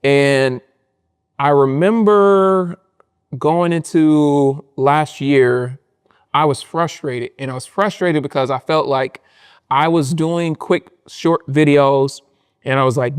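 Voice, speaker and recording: A young man in a casual interview, telling animated stories full of slang and acting out what people said to him. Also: a little high, takes it slowly, clear, resonant tone. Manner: animated storytelling, acts out quotes with slang. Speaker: guest, content creator.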